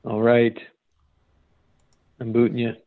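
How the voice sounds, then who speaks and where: A man's voice: medium pitch, completely flat delivery, slow pace, gravelly. Laughing man on a tinny line. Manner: laughs often, reads posts aloud. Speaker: podcast host. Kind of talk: casual chat reading posts aloud. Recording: phone-like narrow sound.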